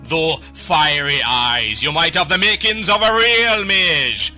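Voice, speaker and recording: A man's voice: on the high side, bright, forceful tone, faint music behind, exaggerated voice. A man putting on a mock Jamaican troll trainer. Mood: encouraging. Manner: halting, self-mocking put-on voice. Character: male troll mage trainer, laid-back, encouraging.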